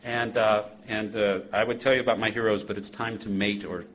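A man speaking at a recovery convention, joking and animated, moving between loud bursts and hushed passages. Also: lowish voice, fairly quick. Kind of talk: humorous personal talk to a live audience. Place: convention hall. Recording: dull lo-fi live talk recording.

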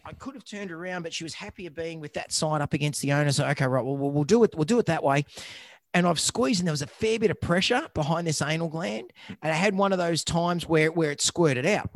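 A man's voice: fairly high pitch, brisk, dry recording. An Australian man, a vet and podcast co-host, telling rambling stories with lots of restarts. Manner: rambling, stammering storyteller. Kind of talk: casual chat.

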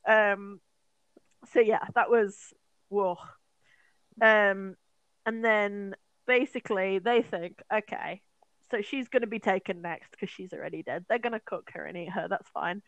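A woman co-hosts a podcast, casually recapping a horror film at a measured pace in a medium-pitched voice. Animated and foul-mouthed, she acts out the characters' lines. The sound has no echo, though the highs are cut off.

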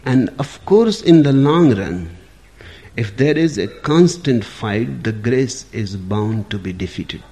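A man giving a spiritual discourse in a measured, deliberate storytelling manner. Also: medium pitch, very animated, warm tone. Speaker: spiritual teacher.

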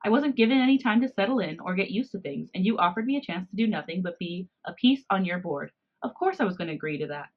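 Brief: woman reading as a defiant young male cat hybrid, indignant and sharp, voice a touch higher than her own, lo-fi podcast sound. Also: animated, quick pace, hardly any pauses. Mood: hurt, defensive.

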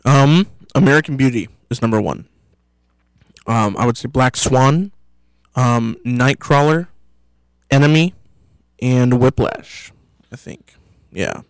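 Young male guest, hesitant and low-key, mid-pitched, dry sound. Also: slow pace, long pauses, no echo, poor audio. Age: young adult. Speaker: panel guest. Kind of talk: casual group chat.

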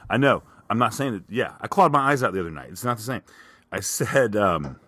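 A man with a Kentucky accent, very low-pitched, spins a rambling, self-mocking comic story as a podcast host. His voice sits close and dry on the mic, and he gets louder when he quotes himself. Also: lively intonation, brisk, slightly rough, no room sound. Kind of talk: storytelling monologue.

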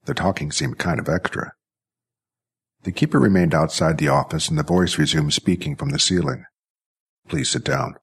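A man reading a science-fiction story aloud as narrator, with steady, even storytelling. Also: extremely low pitch, normal speed, breathy edge. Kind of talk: scripted audiobook narration.

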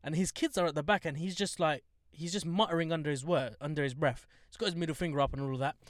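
A young man, chatting casually and telling animated stories full of slang. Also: on the high side, quick pace, dry recording, clean studio sound. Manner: animated storytelling, heavy slang. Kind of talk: casual chat.

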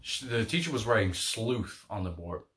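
A young man co-hosting a rowdy casual chat, teasing and quick to laugh. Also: on the low side, big pitch swings, crowd noise. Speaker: podcast co-host.

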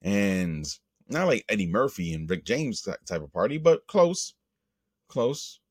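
A Latino man hosting a podcast, rambling through a profane, animated rant with the odd put-on voice. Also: fairly low pitch, a little slow, dry recording, clean studio sound. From Latino, grew up in the US. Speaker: podcast host. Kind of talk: casual monologue.

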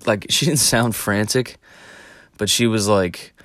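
A man's voice: fairly low pitch, measured pace, a bit bright, dry recording, clean studio sound. A man casually telling a rambling, profane story, laughing as he goes.

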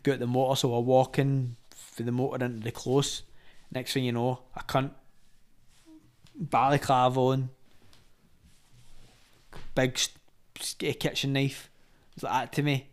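A man's voice: medium pitch, little pitch movement, measured pace, long pauses. A Scottish man with a Glaswegian accent, a retired boxer telling stories with lots of swearing, acting out the voices and laughing often. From Scotland. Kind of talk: casual storytelling with heavy swearing.

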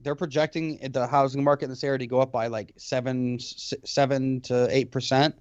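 Swearing, animated podcast guy. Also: mid-range voice, a little fast, no echo, lo-fi sound. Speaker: podcast co-host. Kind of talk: casual chat. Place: lives in Alabama.

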